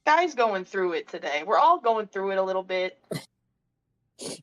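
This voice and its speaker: A woman's voice: mid-range voice, big pitch swings, normal speed, fairly bright tone. Chatty woman on a dull lo-fi mic. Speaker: player. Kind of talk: playing a tabletop role-playing game. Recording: dull lo-fi sound.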